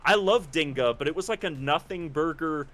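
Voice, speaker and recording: A man with a bright, forward voice chatting on a gaming podcast. He rambles and pokes fun at himself, stumbling over his first words before his thought takes shape. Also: fairly high pitch, moderate pace. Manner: rambling, self-deprecating, repeats words when starting a thought. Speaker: podcast co-host, gaming content creator. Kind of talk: casual podcast chat.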